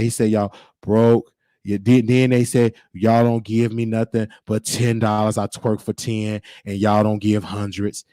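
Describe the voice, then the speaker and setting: A man's voice: mid-range voice, warm tone, dry recording. A man hosting his own show, talking in an emphatic, preachy way and repeating his points. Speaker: show host. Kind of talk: casual livestream monologue. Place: Texas.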